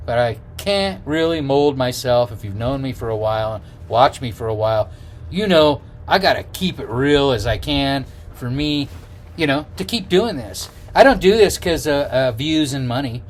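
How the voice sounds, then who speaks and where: A man's voice: medium pitch, expressive, moderate pace. A middle-aged man chatting casually to camera outdoors as a travel vlogger, rambling with many fillers and restarts. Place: outdoors on the road.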